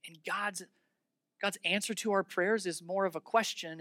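A pastor preaching a sermon with animated, emphatic teaching and rhetorical questions. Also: medium pitch, normal speed.

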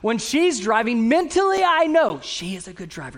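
A middle-aged male pastor with a light, high-sitting voice delivers a sermon. He tells stories with animated, self-mocking humor, swinging between quiet reflection and excited bursts. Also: normal speed, hardly any pauses.

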